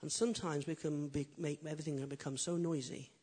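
A man preaching a sermon as pastor, swinging from loud, emphatic build-ups to quiet, intimate asides. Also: on the high side, brisk, breathy edge. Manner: animated preaching, rising loud then dropping quiet.

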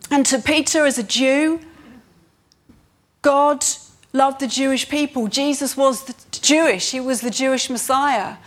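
A woman preaching a sermon, earnest, rising in pitch on emphasis and slowing down to read scripture.

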